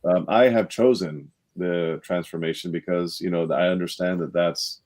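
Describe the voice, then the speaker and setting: A man's voice: deep voice, steady tone, normal speed, darkish tone. A man co-hosting a live online talk, upbeat and motivational, with frequent fillers. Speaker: co-host, event organizer. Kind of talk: casual live video-call chat.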